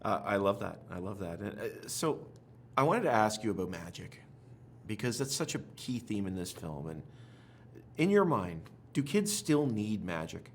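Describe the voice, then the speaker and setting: A man interviewing a director, asking friendly, measured questions and affirming the answers. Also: on the low side, sing-song, slight background noise.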